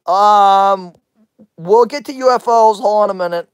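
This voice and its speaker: A woman with a mid-range, expressive voice hosts a rambling livestream at a moderate pace, answering her chat crudely and often bursting into laughter. She teases chatters with crude questions. The audio is studio quality, with no room sound.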